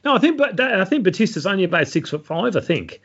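A man's voice: high-pitched, very animated, quick pace, a bit bright, breathy edge. A man co-hosting a casual film podcast, reading out film facts in a matter-of-fact way. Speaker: podcast co-host. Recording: dull lo-fi sound.

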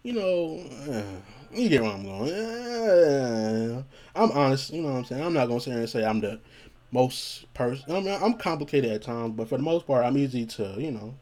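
A man's voice: medium pitch, lively intonation, normal speed, darkish tone. Joking, profane man telling a story. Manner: joking, profane, laughs often, acts out quotes. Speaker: vlogger telling a personal story. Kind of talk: casual storytelling monologue.

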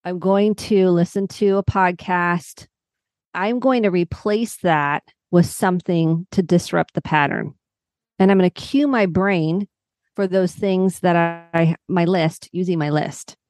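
A woman's voice: on the low side, a little slow, darkish tone, no room sound, clean studio sound. A woman psychotherapist on a podcast, earnestly walking through examples step by step. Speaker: psychotherapist guest. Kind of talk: podcast interview.

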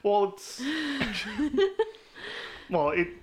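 A man's voice: high voice, expressive, extremely slow. A man co-hosting a casual podcast chat, rambling with many fillers and frequent laughs. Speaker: podcast co-host.

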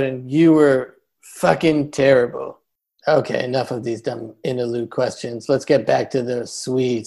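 A man hosts a comedy roast podcast, mocking guests as he swings between loud jabs and muttered asides. His voice is a little high, with vocal fry.

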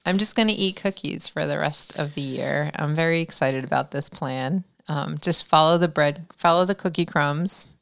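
A woman's voice: deep voice, normal speed, creaky, hardly any pauses, a bit bright, dry recording, clean studio sound. A woman co-hosting a podcast in casual, playful chat, laughing and teasing her partner. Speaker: podcast co-host.

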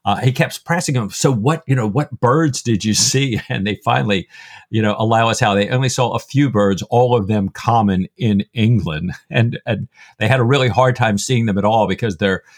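A man's voice: fairly low pitch, fairly quick. A man co-hosting a casual book podcast, summarizing the plot with amused chuckles. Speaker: podcast co-host.

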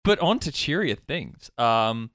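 A man hosting a casual podcast, sardonic and fond of dark jokes. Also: mid-range voice, very animated, slow, dry recording, studio quality. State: recovering from illness. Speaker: podcast host. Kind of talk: casual chat.

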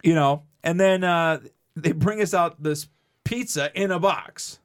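A man co-hosting a podcast, telling animated stories in casual chat and swearing freely. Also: on the high side, a little slow. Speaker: podcast co-host.

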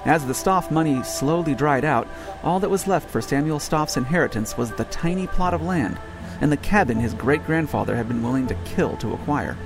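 A man voicing a brisk, wry, teasing female investigator in an audiobook. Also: on the high side, gravelly, over music. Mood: explaining.

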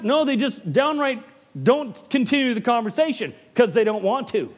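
A man preaching a sermon in church, animated and often asking for an "Amen". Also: very high voice, normal speed.

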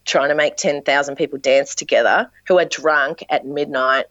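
A woman with an Australian accent, a dance teacher and performer, telling animated stories in casual podcast chat. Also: low-pitched, moderate pace, dry recording, highs cut off. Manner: animated storyteller, acts out quotes.

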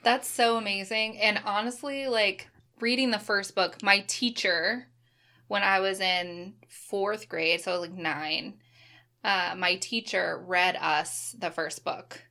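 Casual woman, 30s, bright edge, swears freely. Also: medium pitch, slow. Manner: relaxed, swears casually, enthusiastic. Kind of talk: casual chat.

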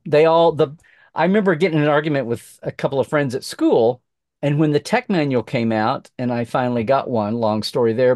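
Animated middle-aged man telling a story. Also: on the high side, no echo, clean studio sound. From Oklahoma. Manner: animated, acts out quoted voices, many restarts. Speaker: podcast guest. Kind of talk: casual storytelling chat.

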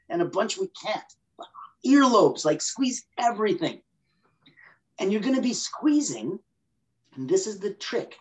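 A woman's voice: medium pitch, rough recording. A woman guest expert explaining a technique in an interview, acting out little scenarios as she goes. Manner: animated, acts out scenarios in quoted voices.

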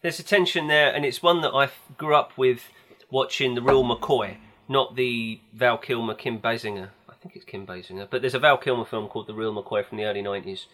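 A man's voice: mid-range voice, fairly quick, a bit bright. A man hosting a casual film chat, rambling and enthusiastic with anecdotes. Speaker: podcast host.

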